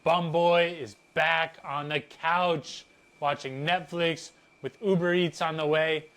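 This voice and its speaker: A man's voice: on the high side, fairly even intonation, slow, fairly bright tone. A man, a fitness content creator, reading a story aloud with playful, chatty asides. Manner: playful, chatty, laughing at his own reading.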